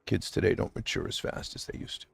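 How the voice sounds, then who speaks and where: A man's voice: fast, dry recording. A middle-aged man hosting an unscripted livestream. He rambles heartfelt and close to tears, and speaks straight to his absent wife. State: near tears. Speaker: livestream host. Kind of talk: unscripted emotional monologue.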